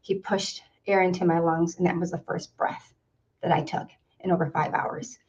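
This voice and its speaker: A woman's voice: fairly low pitch, flat delivery, normal speed, a little mellow. A woman speaking at a seminar, telling a personal story in an earnest way and repeating words for emphasis. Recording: distant, dull lo-fi sound.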